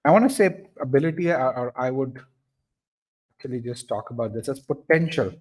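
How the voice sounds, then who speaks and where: A man's voice: mid-range voice, expressive, a little fast, a little mellow. Man teaching a test-prep webinar. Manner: explanatory, many restarts and repeated words; reads out and answers audience comments.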